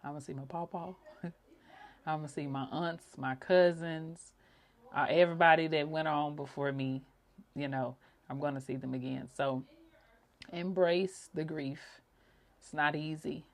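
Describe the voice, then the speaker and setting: A woman with a low, deep speaking voice. She talks in a heartfelt, emotional way, telling personal stories as a podcast host with bursts of laughter. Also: steady tone, moderate pace. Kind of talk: personal reflective monologue.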